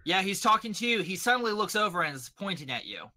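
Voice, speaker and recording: A man narrating as game master of a tabletop game, lively and animated, putting on voices for his characters. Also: sits high, fast.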